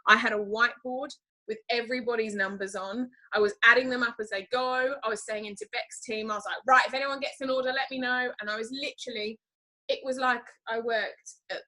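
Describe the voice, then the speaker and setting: Bright-voiced chatty British woman. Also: a little high, brisk, poor audio. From Britain. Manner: chatty, candid and animated, many fillers. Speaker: interview guest, team leader. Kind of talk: casual interview talk.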